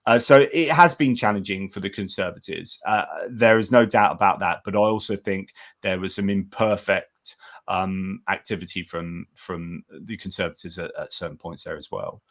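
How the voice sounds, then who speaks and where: A man's voice: low voice, moderate pace. A man hosting a casual election-night live stream, talking in a rambling way with many restarts and reading out viewer comments.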